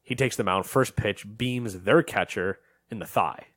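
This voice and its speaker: A man with a low voice co-hosts a relaxed podcast chat and tells a story with plenty of animation, slipping into the voices of the people he quotes. The sound is dry and close, with no room echo. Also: measured pace. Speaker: podcast co-host. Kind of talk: casual chat.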